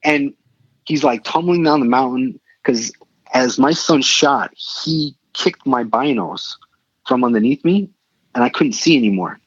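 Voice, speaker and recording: A middle-aged man, a podcast guest, telling a story casually and animatedly, with quick excited bursts. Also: medium pitch, husky. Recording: dull lo-fi sound.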